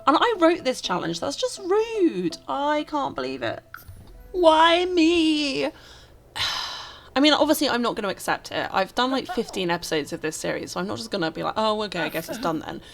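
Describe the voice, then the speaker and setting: A woman gives casual let's-play commentary in a mid-pitched voice with a gravelly, fry-tinged edge. She talks expressively and swings into exasperated, dramatic outbursts. Soft music plays faintly underneath. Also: lively intonation, fairly quick. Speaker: gameplay commentator.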